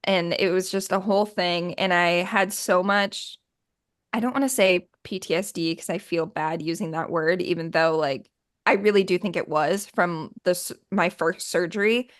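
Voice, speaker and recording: A woman's voice: on the low side, moderate pace. A woman in her twenties, a podcast guest, candidly telling a personal story in casual chat, full of "like".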